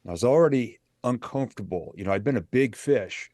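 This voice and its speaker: A man's voice: mid-range voice, expressive, fairly quick, warm tone, no room sound. A middle-aged man, a motivational speaker, telling a candid personal story as an interview guest.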